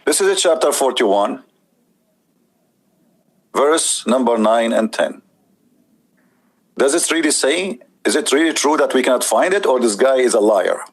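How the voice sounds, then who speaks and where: Male debate host with a husky voice, mid pitch, mocking and emphatic in his commentary. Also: lively intonation, a little slow, long pauses, rough recording. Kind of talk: commentary on a played clip.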